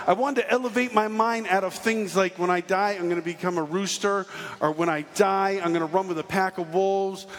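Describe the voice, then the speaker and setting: Man, high-pitched, animated storyteller, live talk, long hall reverb. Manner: animated, jokey, acts out quotes. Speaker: speaker giving a testimony talk. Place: large hall on stage. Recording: reverberant hall with faint ambience.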